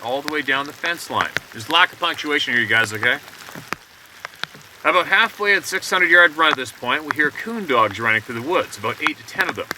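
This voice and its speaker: A man's voice: fairly high pitch, lively intonation, a little fast. Man reading a story aloud in the rain. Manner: reads unevenly, stumbling and restarting mid-sentence. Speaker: host reading a viewer's email. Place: outdoors by a river in the rain. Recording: outdoor clip with loud rain noise.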